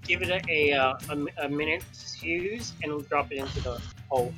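A man playing in a tabletop game, excitable and brash. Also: fairly high pitch, fairly quick, faint music behind. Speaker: player.

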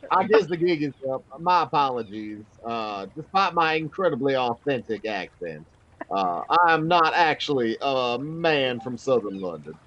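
Polite, halting man at a tabletop game. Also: medium pitch, big pitch swings, fairly bright tone, lo-fi sound. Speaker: player. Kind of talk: tabletop role-play in character.

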